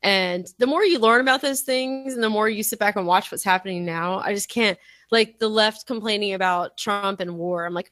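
A woman chatting on a podcast in a lively, animated way, laughing often and acting out what others said. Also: mid-range voice, normal speed, no echo. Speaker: podcast guest. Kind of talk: casual podcast chat.

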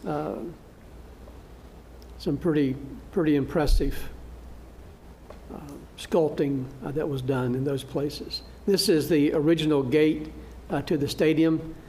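A man leads a church Bible class through a slide show, his voice pitched a little high for a man. He talks in a halting, good-humored way, full of fillers and restarts. A faint background noise sits under the recording. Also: fairly even intonation, mellow. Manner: good-humored, laughs at his own slip.

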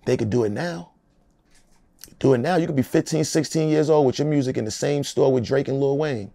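A man's voice: medium pitch, brisk, gravelly, dark tone, no echo, clean studio sound. A middle-aged American man, a rapper in an interview, talking in a loose, emphatic, streetwise way. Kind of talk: casual interview talk.

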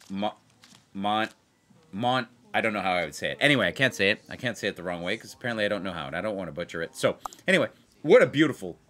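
A man hosting a blackjack video, chatting casually and excitedly as he plays. He repeats himself for emphasis and keeps talking straight to his viewers. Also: mid-range voice. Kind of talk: casual chat while playing blackjack.

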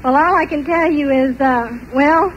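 High-voiced older woman telling a story. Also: moderate pace, dull audio, slight background noise. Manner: animated, laughs often between parts of the story. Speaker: testimony speaker. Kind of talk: personal storytelling.

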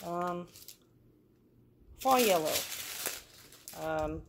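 A woman's voice: on the low side, lively intonation, very slow. A woman vlogger chatting casually through a crafting unboxing, rambling along with lots of fillers. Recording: loud crinkling packaging noise.

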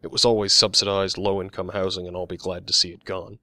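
Man voicing gruff big older man, scoffing, gravelly, low. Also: level tone, fast, pushed and bright, no room sound. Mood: gruff, contemptuous.

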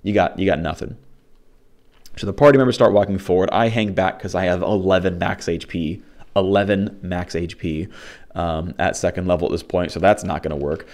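A young man casually recapping a tabletop game session, rambling with lots of fillers and restarts, and slipping into lively quoted dialogue. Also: sits low, brisk.

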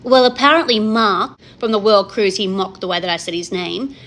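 A woman's voice: mid-range voice, normal speed, fairly bright tone. A woman with an Australian accent hosting a gossip vlog, chatty and sarcastic, often asking "you know what I mean?". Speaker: gossip channel co-host. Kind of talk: casual chat to camera.

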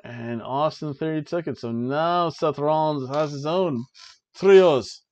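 A man co-hosting a podcast, casually recapping a wrestling show in an excited play-by-play way with jokey asides. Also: on the high side, measured pace, muffled recording. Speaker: podcast co-host.

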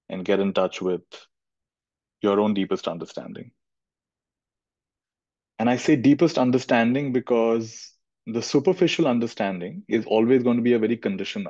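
A middle-aged man from India gives a thoughtful spiritual talk as a teacher, repeating phrases for emphasis. His voice is fairly low with a darkish tone, recorded without room sound on dull lo-fi equipment.

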